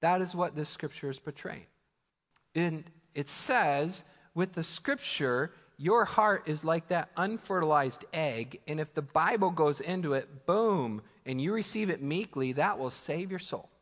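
A man's voice: fairly high pitch, lively intonation, measured pace, a bit bright. A man in his thirties with a Midwestern American accent, preaching a sermon in a casual, conversational way, with laughing asides and acted-out prayers. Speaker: pastor. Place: church sanctuary. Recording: church hall with long reverb.

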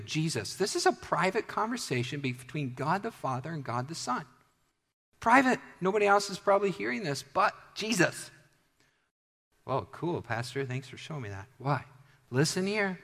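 A male pastor preaching a sermon, swinging from loud emphatic bursts to hushed, almost whispered asides. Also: mid-range voice, big-room sound. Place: church hall.

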